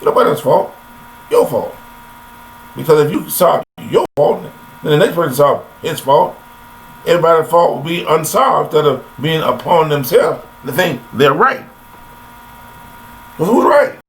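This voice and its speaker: A man's voice: fairly high pitch, expressive, measured pace, long pauses, slight background noise, poor audio. An older man delivering a rambling, folksy philosophical monologue to listeners, recorded on a laptop webcam. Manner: folksy and preachy, addresses listeners directly. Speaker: vlogger.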